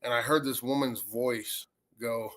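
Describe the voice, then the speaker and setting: A man, a paranormal investigator telling a ghost story in a rambling, animated way. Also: medium pitch, unhurried. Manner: rambling, animated retelling with acted quotes. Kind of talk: casual storytelling.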